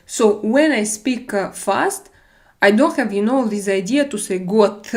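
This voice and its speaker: A woman with a Russian accent chatting casually on a live stream, halting and hesitant, often restarting with fillers. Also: mid-range voice, lively intonation. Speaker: livestream host reading chat.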